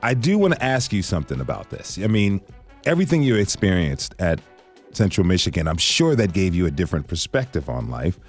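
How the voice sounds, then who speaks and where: A man hosting a public radio interview, reading his transitions in a measured, scripted way. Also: sits low, very animated, faint music behind. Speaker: radio host.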